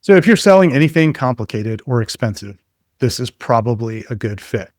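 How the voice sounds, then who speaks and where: A man being interviewed as a guest expert, telling relaxed anecdotes full of fillers in a conversational way. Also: mid-range voice, a little fast, dry recording, studio quality.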